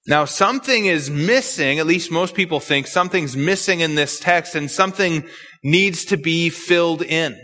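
A man preaching an expository sermon, emphatic and measured, with repetitions. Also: fairly high pitch, sharp tone, big-room sound, faint music behind.

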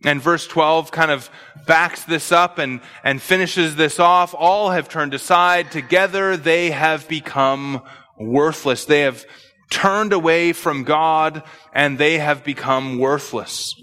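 A man's voice: on the high side, slow, pushed and bright, in a large hall. A man preaching an expository sermon, earnestly explaining scripture verse by verse.

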